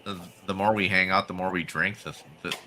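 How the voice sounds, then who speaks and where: A man's voice: low voice, steady tone, brisk, heavy background noise. A man with a Canadian accent chatting on a livestream video call, laughing often as he tells stories. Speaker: guest caller. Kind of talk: casual livestream chat.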